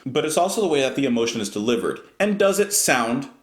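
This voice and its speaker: A man's voice: mid-range voice, big pitch swings, echoey room. A man giving casual, thoughtful commentary while reacting to music, explaining what he hears. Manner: thoughtful, explanatory, pauses to restart.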